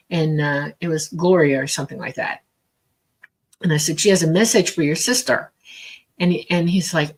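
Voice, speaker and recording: A woman's voice: lowish voice, moderate pace. Rambling woman medium telling a story. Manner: rambling, filler-heavy, acts out quoted dialogue. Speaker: psychic medium. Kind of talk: casual storytelling on a talk show.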